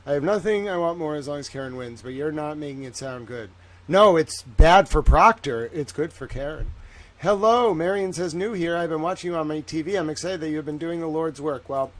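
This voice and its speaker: Southern guy doing a chatty livestream, kinda high voice, sarcastic. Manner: chatty, sarcastic, talks to chat by name. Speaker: livestream host. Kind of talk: casual livestream chat.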